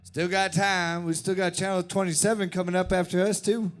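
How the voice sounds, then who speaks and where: A man's voice: high-pitched, flat delivery, a little fast. A man who plays guitar in a band, bantering in a laid-back, joking way in a studio. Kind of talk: casual live studio chat. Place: music studio with a small audience.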